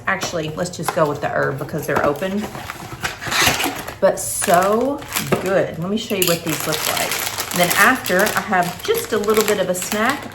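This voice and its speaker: A middle-aged woman with a lowish voice chats casually to camera in her home kitchen, a homey vlogger snacking as she talks. The room is echoey, and there's background noise.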